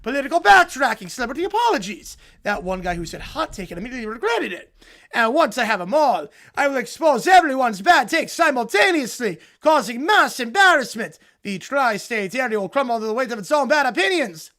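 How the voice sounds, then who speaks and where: A man voicing a petty, ranting evil scientist in a loud theatrical cartoon monologue. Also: very high voice, big pitch swings, a little fast, heavily acted.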